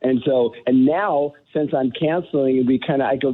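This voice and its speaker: Male caller on a tinny phone line, kinda husky, keeps restarting his sentences. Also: mid-range voice. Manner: halting, repeats himself. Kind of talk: phone-in call.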